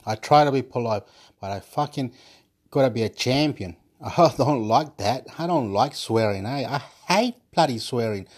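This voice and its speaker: A man's voice: mid-range voice, animated, moderate pace. Rambling man on a phone mic. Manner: meandering, repeats himself, frequent restarts; swears freely, laughs between phrases. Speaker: vlogger. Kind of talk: rambling casual monologue.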